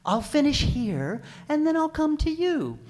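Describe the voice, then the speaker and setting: A man voicing a calm, unhurried female midwife who talks in a slow, breezy, unbothered way. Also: high-pitched, pitched above the performer's own voice.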